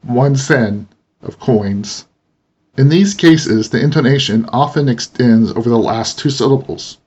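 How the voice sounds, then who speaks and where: A man teaching pronunciation in a steady, explanatory narration. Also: medium pitch, unhurried, slightly rough. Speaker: language teacher. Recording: dull lo-fi voice recording.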